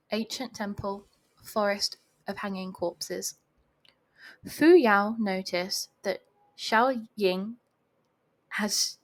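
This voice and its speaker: A young woman reading a novel aloud at home, breaking off with chatty, giggly comments. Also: mid-range voice. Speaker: reader of a novel. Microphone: home voice recording.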